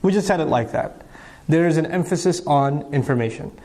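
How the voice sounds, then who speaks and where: Emphatic high-voiced man lecturing. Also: fairly quick, warm tone. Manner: emphatic, rhetorical questions answered himself. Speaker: Islamic speaker.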